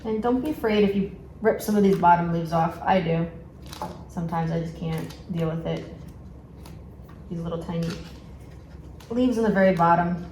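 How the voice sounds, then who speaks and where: A woman with a New York accent repots plants at home for a casual plant-care vlog, her fairly low, mellow voice moving at a moderate pace with frequent pauses. She chats with lots of fillers and self-corrections, in an echoey room with clear background noise.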